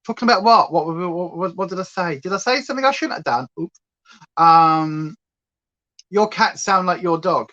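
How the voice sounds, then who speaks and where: A woman's voice: on the low side, normal speed, fairly bright tone, muffled recording. A British woman hosting a livestream from home, chatting casually and going off on tangents. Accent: British English. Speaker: livestream host. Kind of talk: rambling casual chat.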